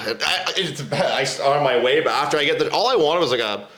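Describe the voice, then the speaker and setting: A man's voice: a little high, lively intonation, fairly quick, a loud crowd. A man hosting a podcast, telling a rambling, profane story and laughing through it. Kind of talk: casual storytelling.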